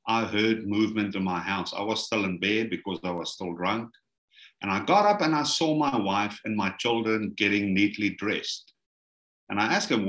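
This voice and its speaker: A man's voice: fairly low pitch, a bit bright, echoey room. A middle-aged South African man telling his life story in an interview, acting out the voices of the people in it. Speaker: guest telling his testimony.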